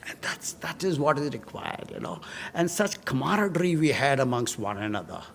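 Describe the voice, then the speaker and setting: An older man with an Indian English accent, a guest speaker telling lively stories to students and chuckling at his own tales. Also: mid-range voice, brisk, vocal fry, slight background noise. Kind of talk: anecdotal talk to students.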